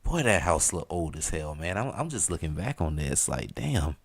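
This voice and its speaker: A man's voice: rumbling low, sing-song, normal speed. A man in his thirties with a thick Southern US accent, rambling casually to his live-stream chat, full of slang and fillers.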